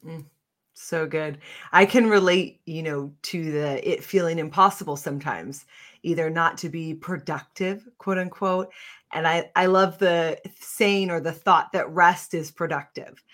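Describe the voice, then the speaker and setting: A woman with a fairly low voice hosts a casual interview. She asks questions with interest and affirms what her guest says as she goes. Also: fairly even intonation, measured pace, fairly bright tone. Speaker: podcast host.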